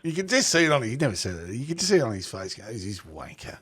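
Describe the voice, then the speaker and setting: A man's voice: a little high, very animated, racing, a bit bright, breathy edge. A middle-aged Australian man, a football coach, chatting as a podcast guest and telling stories with laughs. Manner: blokey storytelling, laughs often. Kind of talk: casual chat.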